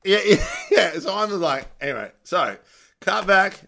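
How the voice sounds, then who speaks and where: A stand-up comedian with a high voice and vocal fry tells a long anecdote at a moderate pace during a casual podcast chat. He's animated and laughs mid-story.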